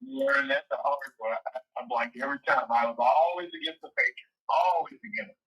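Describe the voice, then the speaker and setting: A man's voice: mid-range voice, animated, brisk, fairly bright tone, breathy edge, rough recording. A man, hosting a casual sports chat and rambling through stories with many restarts. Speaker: podcast host.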